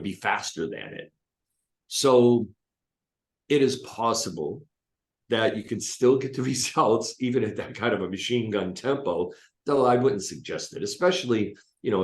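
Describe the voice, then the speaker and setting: Deep-voiced man, roomy office sound. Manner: emphatic, talkative, with blunt asides. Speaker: hypnotist and coach, guest. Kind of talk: casual spoken teaching. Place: his home office.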